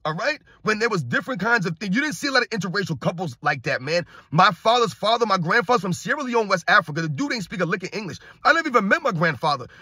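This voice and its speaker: A man's voice: high-pitched, very animated, quick pace, few pauses, sharp tone, husky, no echo, clean studio sound. A middle-aged man hosting a sports commentary channel, ranting heatedly and emphatically, often tagging his lines with "man".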